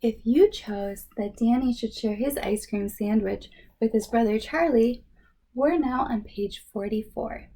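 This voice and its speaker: A woman reading a children's picture book aloud, slow and expressive. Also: on the high side, slight background noise. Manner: slow and expressive, voicing the characters. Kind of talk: children's read-aloud narration.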